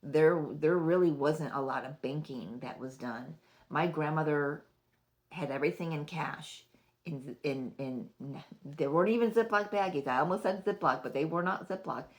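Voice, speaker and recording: A woman's voice: sits low, normal speed. A middle-aged woman giving a casual spiritual card reading, rambling and thinking aloud, often breaking into laughter. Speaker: oracle card reader.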